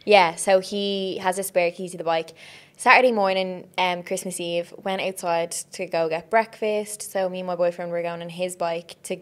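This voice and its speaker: A young woman co-hosting a casual podcast, telling funny stories in a lively way and acting out what people said. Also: lowish voice, normal speed. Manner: animated storyteller acting out quoted voices, fillers of "like". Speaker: podcast co-host. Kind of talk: casual chat.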